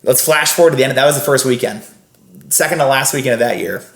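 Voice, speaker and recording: A man's voice: medium pitch, fast, a bit bright. A man, a podcast guest, telling a rambling story in casual chat, full of restarts and fillers. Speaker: podcast guest, former scare actor. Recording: roomy echo.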